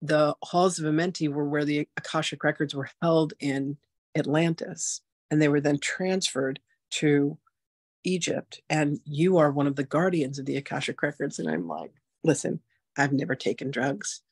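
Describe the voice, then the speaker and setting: A woman in her sixties hosting a spiritual masterclass, telling her story in a chatty, animated way full of "like" and "you know". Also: deep voice, normal speed, husky, no room sound, clean studio sound. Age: 60s. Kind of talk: casual personal storytelling.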